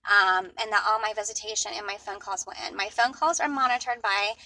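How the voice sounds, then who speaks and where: A woman fighting over custody of her child records a vlog behind the wheel, rambling and upset, repeatedly restarting her thoughts. Her voice is bright and forceful at medium pitch, fairly even in intonation and a little fast, on a low-quality recording.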